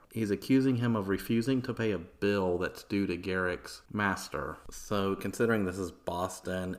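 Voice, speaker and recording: एक आदमी पॉडकास्ट होस्ट के रूप में अनौपचारिक अंदाज़ में इतिहास की कहानी सुना रहा है, बीच-बीच में गालियों और "like" जैसे भराव शब्दों के साथ।. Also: male voice, deep voice. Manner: casual, swearing, filler-heavy. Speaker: podcast host. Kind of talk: casual history storytelling.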